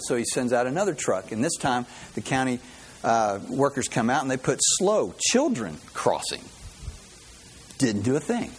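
A man's voice: a little high, slightly rough. A man preaching a sermon as pastor, a folksy, joking storyteller who greets visitors and tells a funny story before his message.

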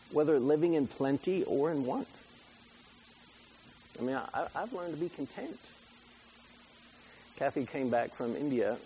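A man's voice: mid-range voice, darkish tone, slight background noise, low-quality recording. A middle-aged man preaching a sermon in a conversational, joking way, full of rhetorical questions. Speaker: pastor.

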